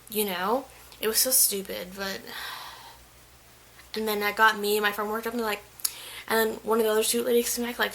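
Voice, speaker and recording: A woman's voice: a little high, steady tone, a little fast, fairly bright tone, slight background noise, poor audio. A young woman vlogger telling a casual story, chatty and full of "like" fillers. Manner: chatty, filler-heavy, says "like" constantly.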